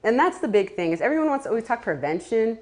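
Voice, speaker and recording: A woman's voice: on the high side, big pitch swings, fast talker, a little mellow. A woman giving a casual talk to a live audience, chatty, with laughing asides and many fillers. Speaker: community speaker.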